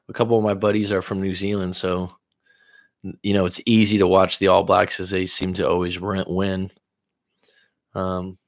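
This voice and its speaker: A Californian man hosts a relaxed live stream, reading out viewer messages and riffing on them. His voice sits low, with a gravelly, fry-heavy edge. He talks loosely and drifts between topics. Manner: reads viewer comments aloud and answers them; loose, rambling, with fillers and restarts. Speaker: relationship coach hosting a live stream. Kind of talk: casual live-stream chat.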